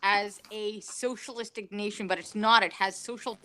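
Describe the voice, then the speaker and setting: A woman's voice: medium pitch, steady tone, normal speed, bright, forceful tone. A woman in casual stream chat, emphatic and swearing. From Canada.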